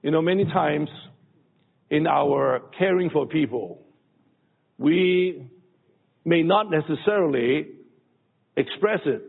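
Man preaching slow n halting, bit high voice, gravelly, sounds like a phone recording. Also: expressive. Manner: slow, halting delivery with many pauses and restarts. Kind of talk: sermon. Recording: phone-like lo-fi audio with long hall reverb.

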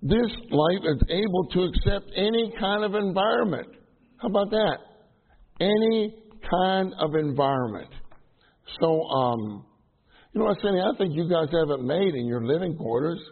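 A man's voice: high-pitched, lively intonation, moderate pace, breathy edge. A middle-aged man preaching to trainees in a chatty, self-deprecating way, full of fillers and restarts. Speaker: minister teaching trainees. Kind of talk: casual sermon to a live audience. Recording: tinny phone-like sound.

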